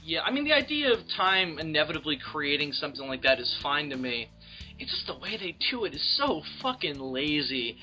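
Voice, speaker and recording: Bright-voiced man giving emphatic film opinions. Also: fairly high pitch, very animated, a little fast, soft background music. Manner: emphatic, opinionated, swears freely. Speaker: podcast co-host. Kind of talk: casual film discussion.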